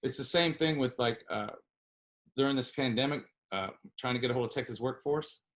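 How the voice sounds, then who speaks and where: A man's voice: mid-range voice, brisk, a bit bright. A man from Germany chatting on a podcast, telling stories, swearing and laughing at his own jokes. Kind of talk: casual chat.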